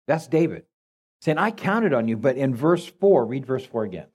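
A man's voice: mid-range voice, expressive, normal speed, darkish tone, husky. A man preaching as pastor, folksy and storytelling, with frequent restarts. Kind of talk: sermon.

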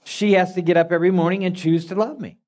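Man teaching scripture, halting delivery. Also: high-pitched, fairly even intonation, darkish tone. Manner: teasing, halting, restarts often. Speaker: minister, marriage counselor. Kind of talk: church talk, scripture teaching.

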